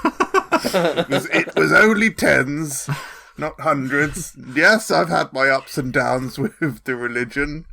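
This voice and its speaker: A man's voice: on the high side, lively intonation, slow pace, creaky, pushed and bright. A man playing a tabletop game, mocking and swearing in character banter. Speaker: player.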